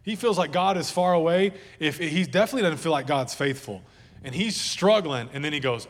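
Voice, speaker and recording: A man's voice: fairly high pitch, lively intonation, a little fast. Joking conversational male pastor, echoey hall. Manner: conversational and joking, with asides to the congregation. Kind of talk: sermon. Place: church service.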